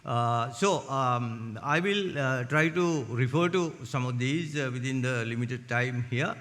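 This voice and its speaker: A man's voice: mid-range voice, a bit bright. Older Sri man in a hall. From Sri Lanka. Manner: deliberate, measured, with frequent hesitant "uh" fillers. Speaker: conference speaker. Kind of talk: formal conference talk. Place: large conference hall. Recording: long hall reverb.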